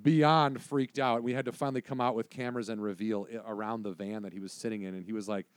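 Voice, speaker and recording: A man's voice: lowish voice, fast, no echo. A man telling a story in casual conversation, acting out the voices of the people in it. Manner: animated, acts out voices in his story.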